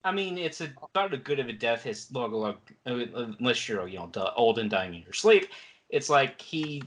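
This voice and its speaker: A man's voice: mid-range voice, a little fast. A man co-hosting a podcast in casual chat, recapping episodes and acting out the characters' lines as he goes. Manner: animated, acts out characters' lines while recapping. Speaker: podcast co-host.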